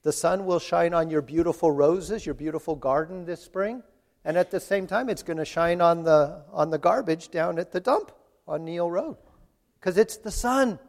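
Conversational preacher in a reverberant hall. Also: male voice, fairly high pitch, moderate pace, a little mellow. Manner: conversational, retells scripture in everyday voices. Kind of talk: sermon.

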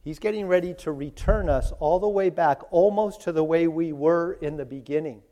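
A man's voice: a little high, moderate pace, mellow. Earnest preacher man in a reverberant hall. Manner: earnest, pleading, voices God and Jesus in quotes. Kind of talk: sermon.

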